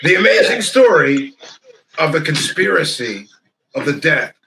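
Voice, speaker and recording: Man, podcast host, hammy mock announcer, lively pitch, echoey noisy room. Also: a little slow, vocal fry. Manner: playful, theatrical, hammy. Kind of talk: mock news announcer intro.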